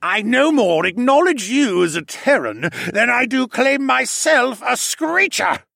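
A man's voice: high voice, lively intonation, normal speed, creaky, sharp tone, no echo, clean studio sound, voice pushed up, heavily acted. A male audiobook narrator voicing a treacherous, snake-like councilman villain who sneers and bellows. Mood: sneering. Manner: sneering, bellowing, spitting words.

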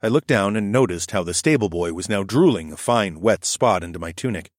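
A man's voice: on the low side, expressive, a little fast, no room sound, clean studio sound. A man narrating a story expressively in a scripted audiobook reading.

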